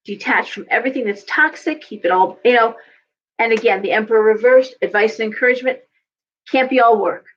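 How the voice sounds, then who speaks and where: A woman's voice: fairly high pitch, a little fast, muffled recording, slight background noise. A woman giving a casual live tarot reading, chatty and coaching, often repeating herself. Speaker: tarot reader.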